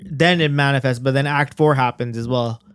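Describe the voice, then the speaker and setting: A man co-hosting a casual podcast, chiming in with quick details and jokes. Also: mid-range voice, fairly bright tone, smooth, no room sound, studio quality. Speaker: podcast co-host. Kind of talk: casual chat.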